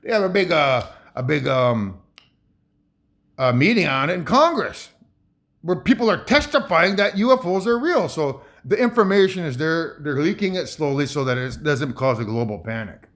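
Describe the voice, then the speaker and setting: Talking over a video, a man from Ontario's Saugeen First Nation delivers rambling commentary that's heated, emphatic, full of swearing and sentence restarts. His voice sits on the high side with a fairly bright tone, expressive delivery and normal speed.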